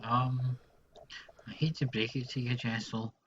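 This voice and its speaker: A man's voice: mid-range voice, little pitch movement, unhurried, highs cut off, noisy background. A man co-hosting a podcast, speaking in dry, teasing casual chat and stammering on restarts. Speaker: podcast co-host.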